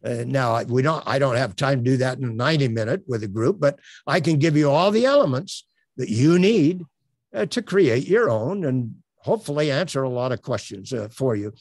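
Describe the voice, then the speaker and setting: An older man coaching on elevator pitches in an online presentation, earnest and promotional, with many uhs. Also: lively intonation, a little fast, darkish tone, no echo. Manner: filler-heavy, earnest, promotional. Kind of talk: webinar presentation. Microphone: webcam on a tripod.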